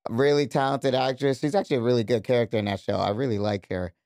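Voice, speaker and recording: A man's voice: mid-range voice, fairly even intonation, fast talker, a little mellow, no room sound, clean studio sound. A man co-hosting a podcast in casual chat, with loose slangy talk and frequent laughs. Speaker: podcast co-host.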